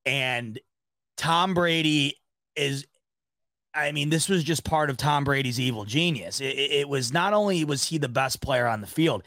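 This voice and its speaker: A man hosting a sports podcast, chatting casually and telling stories in a rambling, animated way. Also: fairly high pitch, a little slow, no echo. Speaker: podcast host.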